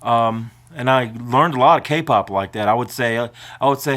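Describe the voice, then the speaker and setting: A man's voice: mid-range voice, normal speed, fairly bright tone. An older man vlogging in a casual, rambling way, emotional and prone to choking up as he talks.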